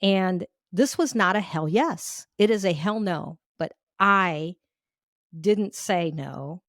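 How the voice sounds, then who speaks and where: A woman coach of Cuban heritage tells personal stories as a podcast guest, in a lowish voice recorded close and dry. She is animated and acts out her own past thoughts as she talks. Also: takes it slowly, dry recording. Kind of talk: storytelling in an interview.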